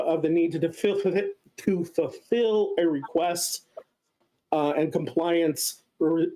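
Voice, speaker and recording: A man giving a casual explanatory lecture as a guest speaker, often pausing on filler sounds. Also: fairly high pitch, dark tone, rough recording.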